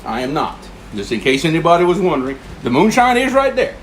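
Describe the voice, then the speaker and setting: A man's voice: on the high side, very animated, fast talker, slight background noise. A man hosting a casual live stream from his home kitchen, joking while he cooks. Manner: joking, easygoing, tells jokes. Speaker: livestream host.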